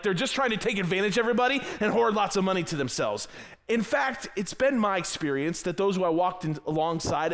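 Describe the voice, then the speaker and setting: A man preaching a sermon in a church, telling a personal story with lively quoted dialogue in a conversational way. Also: high-pitched. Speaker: pastor. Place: church sanctuary.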